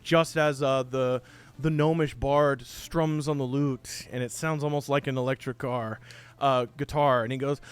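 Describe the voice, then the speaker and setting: A man running a tabletop game as game master, narrating in an animated, casual, swearing way. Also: medium pitch, unhurried, clean tone.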